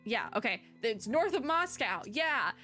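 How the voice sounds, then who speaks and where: A woman's voice: on the high side, big pitch swings, unhurried, pushed and bright. Brief: rambly young woman doing casual let's-play chat, game music faint behind. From US Midwest. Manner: chatty, rambling, heavy use of "like". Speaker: VTuber let's player. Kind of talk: casual gameplay commentary.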